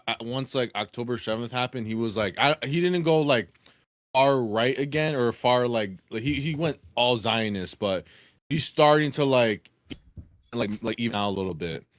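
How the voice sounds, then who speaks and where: A man in a casual podcast chat, speaking haltingly with many restarts. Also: mid-range voice, no echo, clean studio sound.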